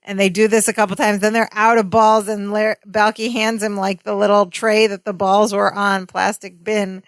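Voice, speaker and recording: Woman cohost recapping a sitcom, animated, dry close sound. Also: medium pitch, moderate pace, few pauses, no echo. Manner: animated recapping with quoted voices. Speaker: podcast co-host. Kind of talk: casual rewatch podcast chat.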